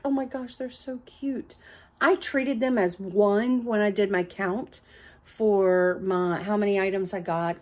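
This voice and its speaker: A chatty middle-aged woman showing off her thrift store finds in a casual home vlog, gushing over little items. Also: mid-range voice. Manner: chatty, excitable, gushes over small finds. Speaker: thrift haul vlogger.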